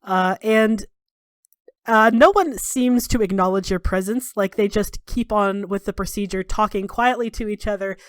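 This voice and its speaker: A woman runs a tabletop game as game master, describing each scene at length with plenty of fillers. Her voice sits at a middle pitch. The recording is dry and close. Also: normal speed, no room sound.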